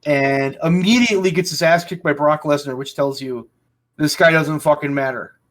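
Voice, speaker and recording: A man's voice: fairly high pitch, normal speed, a bit bright. A man hosting a casual podcast chat, ranting angrily and swearing heavily. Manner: angry ranting, heavy swearing. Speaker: podcast host.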